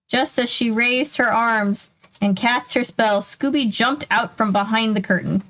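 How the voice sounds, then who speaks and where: A woman's voice: fairly high pitch, unhurried, a bit bright, low-quality recording. Chatty young woman reading aloud. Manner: chatty asides and jokes between reading. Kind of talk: casual read-aloud of a children's mystery book.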